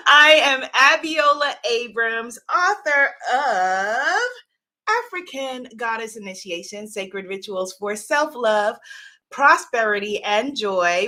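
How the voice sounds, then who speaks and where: A woman's voice: on the high side, pushed and bright. A woman hosting a casual live stream, effusive and laughing often as she greets viewers by name. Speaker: live-stream host and oracle card author.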